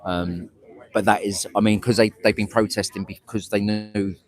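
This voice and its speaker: A man's voice: on the low side, fairly even intonation, normal speed. A man reporting live outdoors from a town centre, talking loosely with many restarts and fillers. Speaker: livestream reporter. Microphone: phone on a gimbal.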